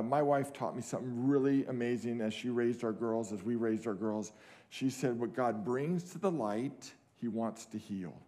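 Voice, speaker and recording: A man's voice: mid-range voice, a little mellow. A middle-aged man preaching a sermon at a family camp, earnest, repeating key phrases for emphasis. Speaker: camp speaker. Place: camp meeting hall.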